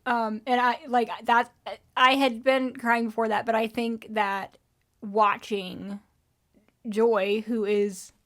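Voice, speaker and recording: A woman's voice: fairly high pitch, flat delivery, slow, a bit bright. A woman co-hosting a podcast in casual chat, reflective and chatty, laughing easily and using many fillers. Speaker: podcast co-host.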